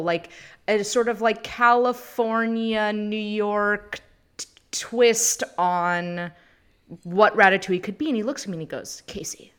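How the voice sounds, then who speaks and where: A woman in her thirties chatting casually as a podcast guest, animated and rambling, laughing often. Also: fairly low pitch. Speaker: guest, food anthropologist and TV host.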